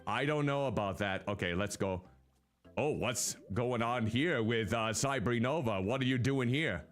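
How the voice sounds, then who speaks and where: A man's voice: medium pitch, unhurried. A man streaming a life-sim game, giving casual commentary and talking to the characters on screen. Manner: animated, talks to the game characters. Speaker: VTuber streamer. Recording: faint game music behind.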